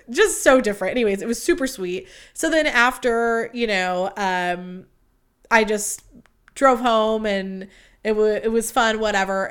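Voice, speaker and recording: A woman's voice: mid-range voice, smooth. Chatty young woman podcaster, swears freely. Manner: chatty, profane, quoting others in lively voices. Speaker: podcast host. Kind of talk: casual storytelling monologue.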